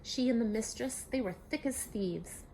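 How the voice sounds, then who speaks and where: A woman's voice: fairly high pitch, moderate pace, a little hiss or hum, pitched above the performer's own voice, natural voice, poor audio. A woman voicing a kindly, talkative housemaid in a storybook reading. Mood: wistful. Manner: chatty, homely and warm-hearted. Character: kindly talkative maid, middle-aged.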